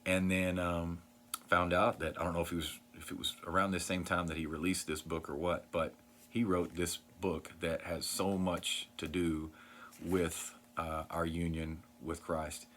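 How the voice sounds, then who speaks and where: A man's voice: deep voice, level tone, a little slow, fairly bright tone, slight background noise. A man, earnestly talking to camera about a faith book he loved, with plenty of fillers and restarts. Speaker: Christian vlogger sharing book recommendations. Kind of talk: casual talk to camera.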